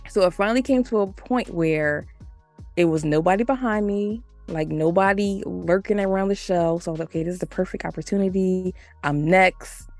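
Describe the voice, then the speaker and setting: A woman from the United States telling a story as a podcast guest, chatty and animated, full of "like" and laughter. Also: on the low side, normal speed, faint music behind. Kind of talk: casual storytelling.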